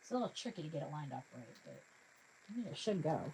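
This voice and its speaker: A woman's voice: deep voice, big pitch swings, fast, warm tone, slight background noise, low-quality recording. A woman hosting a live craft tutorial, chatting her way through each step and joking with her materials. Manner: jokey self-talk to her materials.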